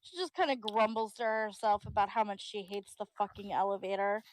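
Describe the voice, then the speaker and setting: A woman's voice: mid-range voice, steady tone, fairly quick, poor audio. A woman playing in a tabletop game, chatting casually and jokingly, with some swearing. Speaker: player. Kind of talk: casual chat.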